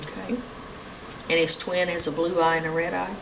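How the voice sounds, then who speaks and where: A woman's voice: on the low side, flat delivery, normal speed, creaky. A woman, a reading teacher, answering questions in casual chat, hesitant and thinking aloud with playful guesses. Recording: distant, echoey, muffled with background noise.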